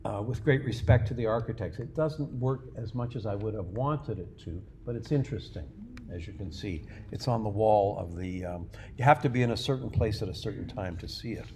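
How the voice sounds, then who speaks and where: Older male lecturer, low-pitched, chatty anecdotal storyteller, wry and self-mocking; noisy room recording. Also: a little fast. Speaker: guest lecturer, artist.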